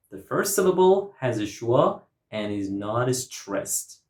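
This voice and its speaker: A woman's voice: extremely low pitch, sing-song, takes it slowly, hardly any pauses, darkish tone. A woman teaching English pronunciation, saying each word several times and drawing out its syllables. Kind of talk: slow, careful teaching with repeated model words. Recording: roomy echo.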